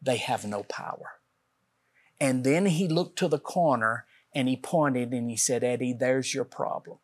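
A man's voice: mid-range voice, unhurried. Man telling an earnest personal testimony. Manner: earnest storytelling, acts out quoted dialogue. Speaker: guest author. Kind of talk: personal testimony on a talk show.

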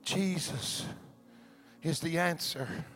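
A male pastor preaching a sermon, swinging from shouted, sung-out cadences to low hushed passages. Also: takes it slowly.

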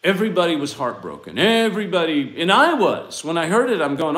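A man preaching a fiery sermon, reading scripture and swinging from hushed asides to loud, impassioned outbursts. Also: a little high, sing-song, brisk. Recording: echoey room.

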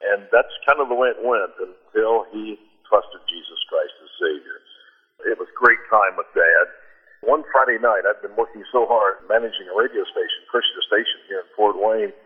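A man with a low, husky voice speaks earnestly and from the heart, often breaking off and restarting his sentences. His sound comes through a narrow, phone-like radio line. He is a preacher telling a personal story as a guest. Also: normal speed.

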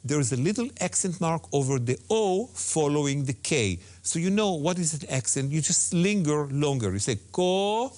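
A man's voice: a little high, sing-song, moderate pace, hardly any pauses, darkish tone. Emphatic man explaining words. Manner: emphatic, repeats key words, non-native phrasing. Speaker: Hebrew teacher guest. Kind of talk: animated religious TV discussion.

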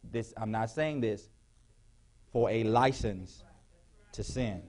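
A male pastor preaching a sermon in a church, with call-and-response questions to the congregation, sometimes rising to shouts. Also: lowish voice, takes it slowly. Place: church sanctuary.

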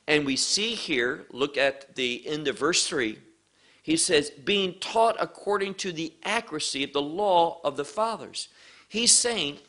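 A man preaching a verse-by-verse sermon, emphatic and deliberate, with his voice rising and falling to stress points. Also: on the high side, sharp tone.

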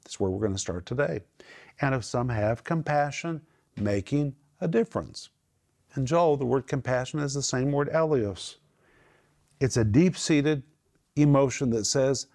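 A man teaching from the Bible, explaining Greek words with emphatic, drawn-out stress on key phrases. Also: mid-range voice, expressive, darkish tone.

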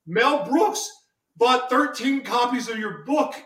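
A man's voice: extremely high pitch, lively intonation, takes it slowly, a bit bright. Effusive male host, echoey and distant. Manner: effusive, rambling, frequent restarts. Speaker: interview host. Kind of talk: interview. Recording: echoey room, distant mic.

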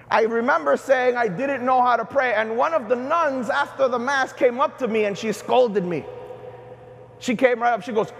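A middle-aged man, a bishop, preaching a sermon at Mass with animated delivery and questions to the congregation. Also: very high voice, gravelly, a little hiss or hum. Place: large cathedral. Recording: long cathedral reverb.

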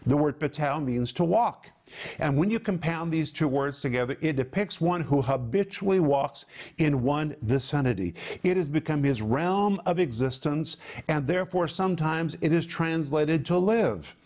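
A middle-aged man giving an emphatic, measured televised Bible teaching. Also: a little high, darkish tone. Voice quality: emphatic, measured preaching delivery.

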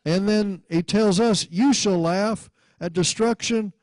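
A man preaching with a notably high voice, taking his time between phrases. He laughs out loud often and has the listeners repeat after him, restarting words as he reads scripture. The sound is close and dry, with no room around it. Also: slow, dry recording. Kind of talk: sermon.

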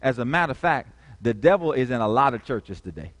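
A man's voice: medium pitch, very animated, fairly quick. A man preaching a sermon, repeating key words and calling for answers from the congregation. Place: church. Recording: long reverb of a church hall.

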